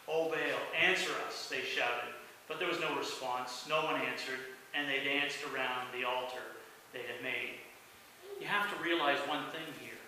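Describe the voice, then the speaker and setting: A man's voice: a little high, bright, forceful tone. A man preaching a sermon as pastor, telling a Bible story and acting out the quoted lines with sudden rises in voice. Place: church sanctuary. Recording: echoey church hall, mic from a distance, faint hiss.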